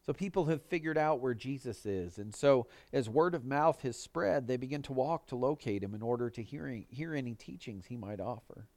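A male pastor preaching a sermon in an earnest manner, pushing his voice up for emphasis and dropping it low on quoted words. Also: moderate pace, few pauses, darkish tone, no room sound.

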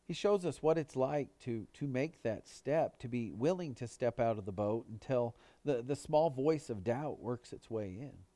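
A man delivers a sermon at a mid-range pitch, earnest and steady. He lifts his voice to drive points home, then sinks low and quiet when quoting words. The sound is dry and close, with little room around it. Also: moderate pace, few pauses, dry recording. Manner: earnest preaching, rising for emphasis and dropping low on quoted words. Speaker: pastor.

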